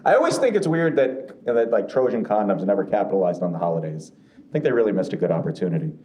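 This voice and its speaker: A man doing a stand-up comedy set on a club stage, telling stories with animated delivery and acting out the voices of the people in them. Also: on the low side, fast talker, a little hiss or hum. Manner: animated storytelling, acts out quoted voices. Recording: roomy club sound with crowd laughter.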